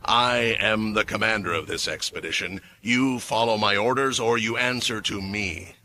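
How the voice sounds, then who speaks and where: A man's voice: fairly low pitch, moderate pace, sharp tone. A man voicing a big, harsh male expedition commander in a fantasy story recap, stern and barking orders. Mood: cold, menacing.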